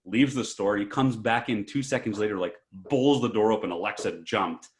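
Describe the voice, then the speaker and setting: A man co-hosting a podcast and telling stories in an animated, casual way. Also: lowish voice, normal speed. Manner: animated, breaks into shouts and laughter while telling stories. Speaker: podcast co-host. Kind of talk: casual storytelling chat.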